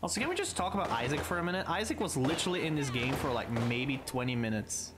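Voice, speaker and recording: Talking fast at a medium pitch with big swings in pitch, a gamer gives casual, playful commentary during a let's play. Lots of swearing and taunting of on-screen enemies come through over background noise and game sounds.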